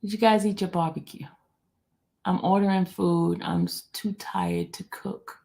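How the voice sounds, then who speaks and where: A woman's voice: fairly low pitch, steady tone, unhurried, vocal fry, warm tone. A woman hosting a casual livestream chat, teasing and repeating herself as she reads out viewer comments. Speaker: livestream host.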